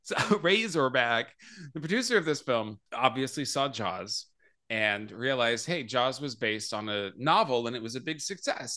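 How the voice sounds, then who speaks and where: A man's voice: mid-range voice, bright, forceful tone. A man hosting a podcast in casual chat, talkative, laughing often and joking at his own expense. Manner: chatty, laughs often, self-deprecating. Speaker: podcast host.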